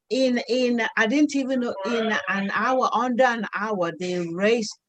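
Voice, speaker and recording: A middle-aged woman, a mother, telling a heartfelt personal story in an earnest, halting way, often restarting her sentences. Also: a little high, a crowd in the background, rough recording. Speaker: mother sharing a testimony.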